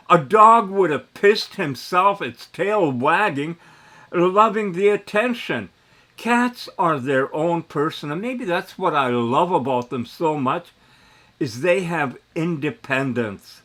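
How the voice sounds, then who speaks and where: A man in his seventies talking in a rambling, animated way in a casual monologue, his voice jumping up when he gets excited. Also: a little high, slow. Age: 70s. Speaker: vlogger.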